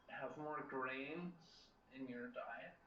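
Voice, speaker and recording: A man's voice: mid-range voice, very slow, slight background noise. A man hosting a casual podcast, quizzing his co-hosts in a matter-of-fact way. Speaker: podcast host. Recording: roomy, distant, dull mic.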